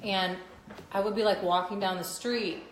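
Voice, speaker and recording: A woman from northern Illinois with a Chicago-area accent, hosting a casual live-stream chat. She talks in an animated way and drifts into mock accents. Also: mid-range voice, normal speed, background noise. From northern Illinois, USA. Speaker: host. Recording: roomy echo.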